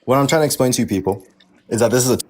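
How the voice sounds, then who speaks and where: A man's voice: mid-range voice, racing, darkish tone. Defiant man talking over others. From Canada. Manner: defiant, talks over others, self-assured. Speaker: debate guest. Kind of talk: heated live-stream debate.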